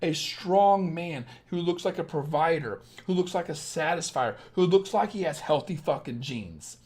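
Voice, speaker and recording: A young man with a Southern Illinois accent hosts a late-night livestream as a dating coach. He talks bluntly and harshly, swearing often. His pitch swings widely as he talks. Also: lively intonation, normal speed, a little mellow.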